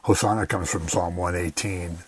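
A man's voice: low-pitched, fairly even intonation, normal speed, slightly rough. A man giving a radio Bible teaching in an earnest, conversational way, often saying "you know".

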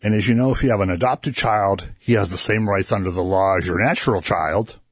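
Fairly quick and lowish with a breathy edge, this man hosts a Christian radio show, earnestly teaching a Bible passage to listeners and a co-host. He explains conversationally and builds emphasis, in a dry, studio-quality recording.

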